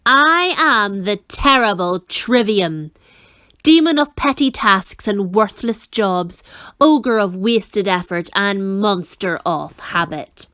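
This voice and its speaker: Sly slow-talking demon guy voiced by a woman, soft coaxing storybook villain, dry close sound. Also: mid-range voice, lively intonation, clean tone, no echo. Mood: menacing. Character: smooth-talking male demon of petty tasks.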